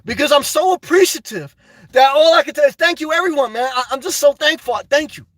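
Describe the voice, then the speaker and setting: A man live-streaming, chatting to viewers in a high-energy, effusive way as he answers their messages. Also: animated, a little fast, fairly bright tone, no echo. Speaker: live streamer reading chat and donations. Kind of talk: casual live-stream chat.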